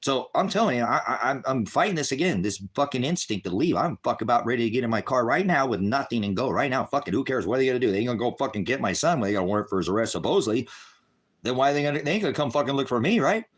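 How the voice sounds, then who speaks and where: A middle-aged man ranting to his viewers, cursing heavily and swinging between shouted outbursts and low bitter muttering. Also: expressive, rapid-fire, slightly rough. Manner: heavy cursing, bitter and raging. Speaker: online ministry broadcaster. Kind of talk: angry unscripted rant to viewers.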